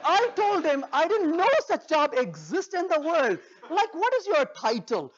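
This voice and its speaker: A man giving a humorous technical talk at a conference, an animated storyteller who acts out dialogues. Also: very high voice, a little slow, highs cut off. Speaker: conference speaker. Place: conference stage.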